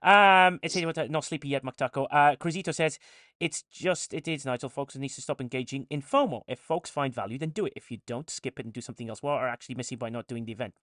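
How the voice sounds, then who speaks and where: A man's voice: mid-range voice, quick pace, a bit bright, dry recording, studio quality. A man hosting a casual live stream, reading viewer chat comments aloud and answering them with frequent restarts.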